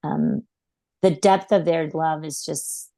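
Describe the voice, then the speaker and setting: A woman in her thirties with a fairly low voice tells a personal story in a relaxed, earnest way, with plenty of "um" and "like" along the way. The recording is close and dry, with no room sound. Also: slow pace, no room sound. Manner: earnest, reflective, many fillers like "um" and "like". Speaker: podcast guest, animal intuitive. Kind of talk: casual storytelling interview.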